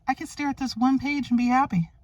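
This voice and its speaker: A woman's voice: sits high, fairly even intonation, fast talker, a little mellow, lo-fi sound. A woman vlogger unboxing luxury items in a casual, gushing way, thinking aloud and exclaiming over what she finds.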